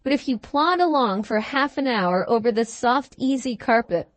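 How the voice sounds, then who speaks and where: A woman's voice: a little high, lively intonation, moderate pace, dry recording, natural voice. A woman voicing a bluff, hearty young husband in a storybook, jovial and teasing. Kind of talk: storybook dialogue.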